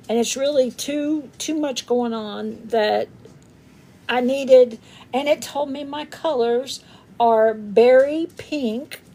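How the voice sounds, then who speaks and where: A woman's voice: on the high side, a little mellow. A woman hosting a craft livestream in casual, rambling chat, greeting viewers by name and laughing often.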